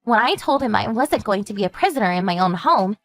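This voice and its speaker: A woman voicing a composed woman calmly explaining her sister's husband's dark past in a measured storytelling manner. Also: medium pitch, soft background music, close to an everyday voice. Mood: steady. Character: calm woman warning her sister about a stalker ex. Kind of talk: animated story narration.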